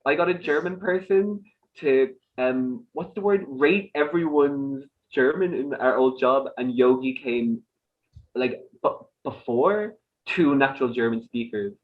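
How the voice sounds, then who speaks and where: Young Irish man, casual podcast guest, chatty and giggly, mid-pitched, a bit dull on the recording. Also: a little slow. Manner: laughs often, rambling and animated. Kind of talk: casual chat.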